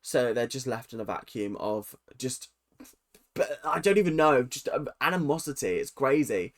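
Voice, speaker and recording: Opinionated guy with a lively voice. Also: mid-range voice, moderate pace. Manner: opinionated, rambling, goes off on tangents. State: tired. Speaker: reaction vlogger. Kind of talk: casual episode recap.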